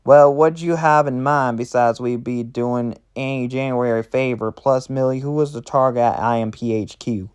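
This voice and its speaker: A man's voice: medium pitch, steady tone, normal speed, hardly any pauses, a little mellow, smooth, natural voice. A man voicing a tough, cheerful country pony mare who talks in a folksy, cheery way. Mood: teasing.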